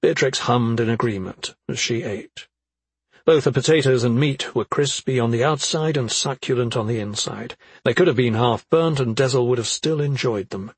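A man narrating a fantasy audiobook in a steady, even storytelling manner. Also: medium pitch, slightly rough, no room sound. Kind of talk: scripted narration.

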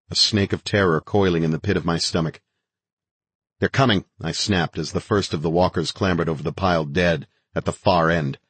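Male audiobook narrator, deep and husky, terse and driving, first-person thriller. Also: no room sound.

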